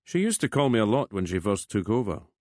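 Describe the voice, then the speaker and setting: An older retired superintendent who answers flatly and matter-of-factly, giving little away, with a deep voice, as a male narrator puts him on. The recording is dry. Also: quick pace, no echo. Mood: guarded.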